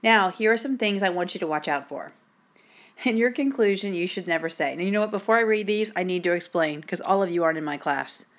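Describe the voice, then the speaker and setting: A woman's voice: on the low side, a little fast. A woman teacher recording a video lesson, with upbeat, encouraging and direct instructions.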